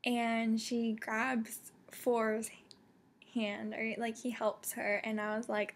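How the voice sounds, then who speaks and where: A young woman reviewing a book casually, excitable and full of fillers and restarts. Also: on the high side, slow. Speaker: book vlogger.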